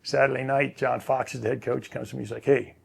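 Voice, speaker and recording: A man, a former quarterback, telling stories as an interview guest in a relaxed, rambling way with many fillers and restarts. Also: medium pitch, fast talker, gravelly, breathy edge. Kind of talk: casual storytelling.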